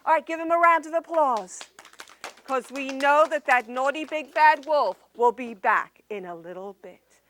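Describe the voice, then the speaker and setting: A female entertainer tells a story live to young children in a high-sitting, animated, sing-song voice, drawing out words for emphasis.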